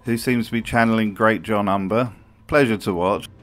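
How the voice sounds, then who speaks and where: A man's voice: lowish voice, fairly even intonation, normal speed, fairly bright tone, faint music behind. A man giving a wry, sardonic voice-over commentary as a video host, swearing freely.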